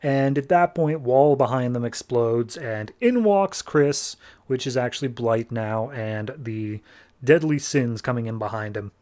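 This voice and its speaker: A young man on a podcast runs through a comic book's plot in a casual, rambling way. He leans on "like" and loose paraphrase and sits at an average pitch for a man. He sounds like an easygoing fan talking shop. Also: animated, a little slow, darkish tone. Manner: chatty, filler-heavy, acts out quotes in a loose paraphrase. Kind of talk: casual comic book review and plot recap.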